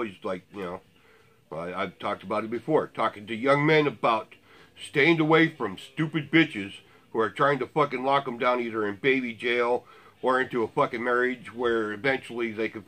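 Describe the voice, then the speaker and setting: A man's voice: medium pitch, a bit bright. A man ranting in blunt, profane, sarcastic commentary to his viewers. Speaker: vlogger.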